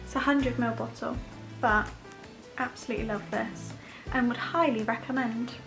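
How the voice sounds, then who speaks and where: A woman's voice: on the high side, fairly even intonation, moderate pace, gravelly, music in the background. Chatty young woman vlogger. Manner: chatty, rambling, self-deprecating asides. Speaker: beauty vlogger. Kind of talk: casual chat to camera.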